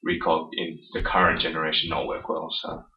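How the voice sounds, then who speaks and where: An Australian man co-hosting a podcast, talking rapidly and rambling with lots of fillers. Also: a bass voice, flat delivery. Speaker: podcast co-host. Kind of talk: casual chat. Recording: roomy, distant, dull lo-fi.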